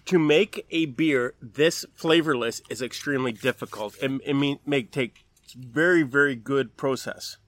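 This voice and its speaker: A man's voice: mid-range voice, a little slow, fairly bright tone, no room sound. A middle-aged man co-hosting a podcast, chatting casually and easily, sharing bits of food trivia. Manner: easygoing, offers trivia. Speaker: podcast co-host. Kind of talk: casual chat. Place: outdoors at a backyard gathering.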